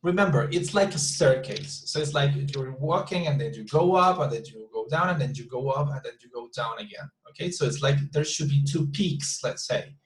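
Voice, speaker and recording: A man teaching an online English class, patiently repeating words and slowly modelling sample sentences. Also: mid-range voice, expressive, poor audio.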